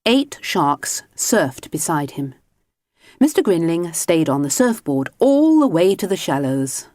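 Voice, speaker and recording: A woman reading a children's storybook aloud in a gentle, expressive way. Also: lowish voice, no room sound, studio quality. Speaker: audiobook narrator. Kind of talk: storybook narration.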